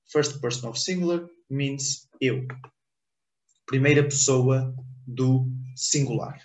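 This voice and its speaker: Unhurried male language teacher, echoey room. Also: medium pitch, slight background noise. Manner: explains in English, repeats words slowly, often checks with "ok?". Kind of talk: online language lesson.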